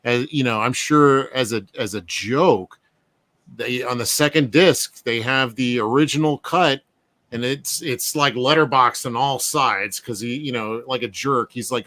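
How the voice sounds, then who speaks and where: A man's voice: medium pitch, measured pace, a bit bright, dry recording. A man talking as a guest in a casual chat, enthusiastic and full of fillers.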